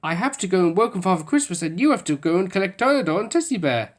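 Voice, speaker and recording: A woman reading a storybook aloud, voicing a bossy old man with a brisk manner. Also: on the low side, sing-song. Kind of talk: storybook voice acting.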